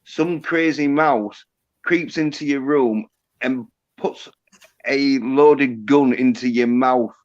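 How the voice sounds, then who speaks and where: A man's voice: medium pitch, slow, highs cut off. An Englishman chatting casually on a live stream, rambling and swearing as he jokes. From England. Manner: rambling, profane, joking.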